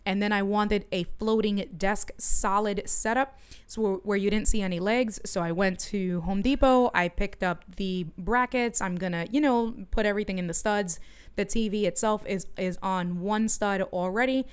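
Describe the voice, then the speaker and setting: A middle-aged woman streaming from her home studio, telling a story in an animated way and talking to her chat. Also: mid-range voice, moderate pace, clean tone. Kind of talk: casual livestream chat.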